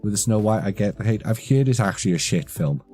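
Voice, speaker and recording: A man in his thirties chats on a live stream, rambling and swearing as he goes. His voice sits low and mellow, and faint music plays behind him. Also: expressive, quick pace. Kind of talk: casual live-stream chat.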